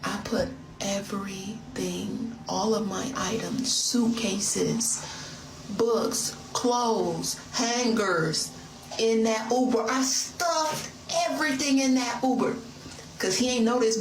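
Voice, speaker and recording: A woman's voice: fairly high pitch, slow. A woman telling a personal story in a chatty, playful way, speaking straight to her listener. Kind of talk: casual confessional storytelling. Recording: roomy, distant, noisy phone audio.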